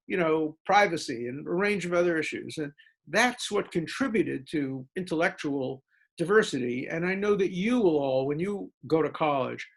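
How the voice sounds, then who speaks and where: A man's voice: normal speed, vocal fry, breathy edge. A man who is a law professor, answering student questions in a lecture-style talk. He speaks emphatically, piles up lists of words, and turns sarcastic to make a point. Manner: animated speaker with big pitch jumps for emphasis.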